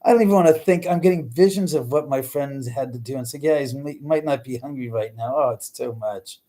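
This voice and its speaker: Man, middle-aged, live-stream host, casual chat, animated, mellow dark voice. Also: medium pitch, brisk. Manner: chatty and animated, swearing, trailing restarts. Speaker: livestream host.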